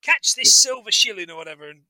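Bright, high-voiced man, playful. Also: sing-song, quick pace, rough recording. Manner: rambling, jokey, acts out quotes. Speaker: podcast co-host. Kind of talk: casual film recap chat.

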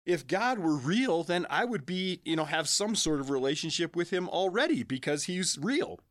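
A man's voice: fairly high pitch, sing-song, normal speed, fairly bright tone, no room sound, studio quality. A man in his forties on a podcast, telling a personal story candidly and conversationally, with a laugh now and then.

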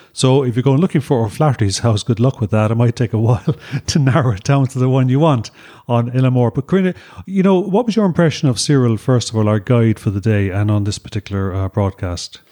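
A man's voice: mid-range voice, warm tone. Male co-host, casual and chatty, recorded outdoors on a beach. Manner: chatty, addresses listeners as folks. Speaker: travel show co-host. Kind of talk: casual travel chat.

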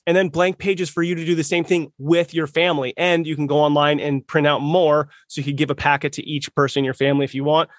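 A man hosting a podcast, with a somewhat high voice for a man. He sounds upbeat and is quick to affirm his guest. His voice is dry and close, with no room sound. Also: no room sound. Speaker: podcast host. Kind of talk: casual interview talk.

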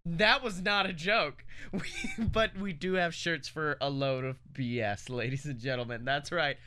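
A man with a fairly high, sharp-toned voice swings hugely in pitch and speaks a little slowly. As a podcast co-host in casual banter, he rambles through a merch plug and stories, laughing and tossing in self-mocking asides.

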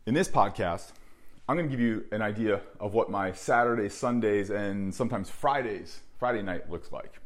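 A middle-aged man hosting a podcast and coaching baseball, talking bluntly and earnestly, often dropping low and quiet to stress a point. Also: moderate pace.

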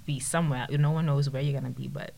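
A woman's voice: very deep voice, steady tone, fast talker, gravelly, a little mellow, a little hiss or hum. A young woman from the Bahamas, chatting casually and easily as a student. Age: young adult. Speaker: student panelist. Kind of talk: casual chat.

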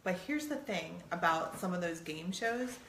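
A middle-aged woman chats through a couples guessing game, playful and quick to laugh. Her voice sits a little low yet sounds bright and forward. The room around her is echoey, with a faint hiss underneath. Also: lively intonation. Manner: giggly, playful, teasing. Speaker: co-host playing a couples quiz game. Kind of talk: casual chat.

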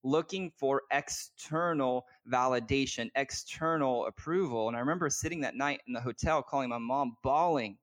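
Man, business coach guest, heartfelt candid storytelling, middle pitch, filler-heavy, restarts. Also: normal speed, hardly any pauses. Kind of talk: candid personal storytelling in conversation.

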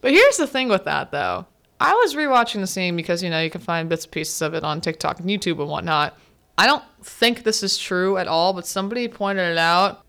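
Brisk and animated, this young woman's fairly low, slightly bright voice carries her student podcast. She laughs and chats casually while recapping a film, voicing the characters as she retells it.

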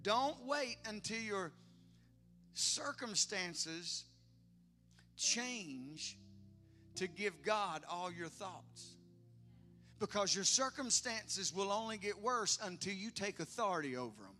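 A man preaching a sermon in a high, bright, forceful voice. He drives points home with emphatic bursts, then drops to near-hushed lines and chatty asides to the congregation, over faint music underneath. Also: animated, slow pace, long pauses. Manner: emphatic preaching with big swings from loud to hushed. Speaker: pastor.

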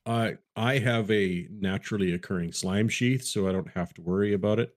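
A man's voice: lowish voice, fairly quick. A man co-hosting a casual podcast, reading listener questions and answering in a wry, rambling, self-deprecating way.

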